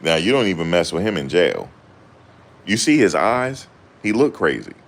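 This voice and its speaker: A man's voice: deep voice, very animated, normal speed, vocal fry. A young man chatting casually to camera in loose, slangy banter, often laughing. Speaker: vlogger.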